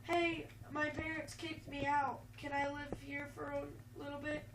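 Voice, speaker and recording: A woman's voice: high voice, level tone, a little slow. A woman voicing a confused, innocent kindergarten boy in a story she tells. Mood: bewildered. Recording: roomy, distant, noisy mic.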